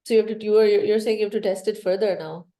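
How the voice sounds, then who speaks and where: A woman's voice: medium pitch, steady tone, fast, dark tone, reverberant. A woman student in a math tutoring session, mostly giving short agreeing replies and thinking aloud.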